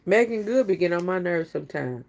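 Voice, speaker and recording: A woman's voice: fairly low pitch, lively intonation, fast talker, gravelly. A woman chatting casually on a live stream, teasing and talking straight to her viewers.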